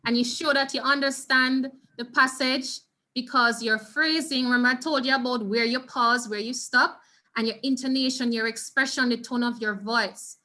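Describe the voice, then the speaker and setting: A woman's voice: high voice, steady tone, moderate pace, bright, forceful tone. A Jamaican woman teaching an online Spanish exam revision lesson, patient and instructive, often checking in with her class. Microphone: video call.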